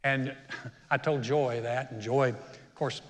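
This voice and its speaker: Pastor preaching in a reverberant church hall. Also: male voice, mid-range voice, fairly even intonation, slow pace, a bit bright. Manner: storytelling, self-deprecating, conversational preaching. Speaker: senior pastor. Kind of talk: sermon. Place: church auditorium.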